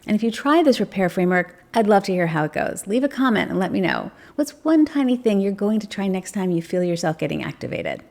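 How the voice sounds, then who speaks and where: Female parenting coach, gravelly low-register texture, calm reassuring delivery, speaks to camera. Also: brisk, hardly any pauses. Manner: gentle, reassuring, acts out sample phrases. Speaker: parenting channel host. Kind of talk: direct-to-camera advice talk.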